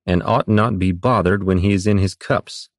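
A man's voice: sits low, steady tone, moderate pace, no echo, studio quality. A man voicing a thin, bookish young male wizard who speaks in formal, old-fashioned diction. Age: young adult.

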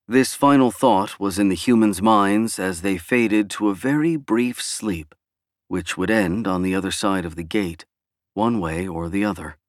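Audiobook narrator, man, lowish voice, dry close read. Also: measured pace, no echo. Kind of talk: scripted narration.

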